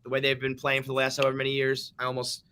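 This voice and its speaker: A man's voice: medium pitch, completely flat delivery, racing, bright, forceful tone, clean tone. A middle-aged man hosting a casual sports podcast, joking animatedly and swearing a lot. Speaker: podcast host.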